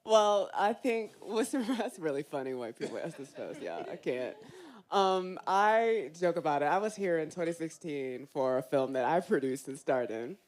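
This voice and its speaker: A woman chatting casually on a panel, animated and joking. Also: sits low, normal speed. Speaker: actress on a panel.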